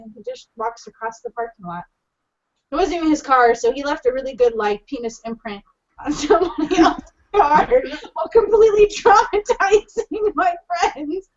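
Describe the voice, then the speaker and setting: A woman co-hosting a casual podcast tells a crude story, animated and quick to laugh. Her voice sits high, and the recording sounds dull and lo-fi. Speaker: podcast co-host.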